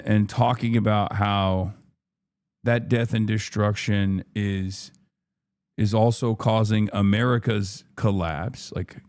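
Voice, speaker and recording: A man streaming live, giving heated political commentary in a profane, exasperated rant, sometimes reading news aloud quickly. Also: lowish voice, warm tone, dry recording.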